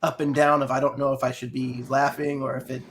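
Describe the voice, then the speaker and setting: A man's voice: mid-range voice, little pitch movement, a little fast, a bit bright, a little hiss or hum. A man co-hosting a podcast, talking in rambling, hesitant casual chat. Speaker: podcast co-host.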